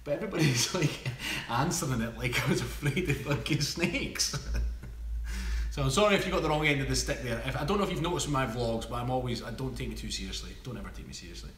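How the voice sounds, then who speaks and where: A man's voice: mid-range voice, fast talker, a bit bright, roomy sound, a little hiss or hum. A Scottish man co-hosting a fitness channel's live Q&A, reading out viewer comments and joking with a laugh. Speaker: fitness coach co-host.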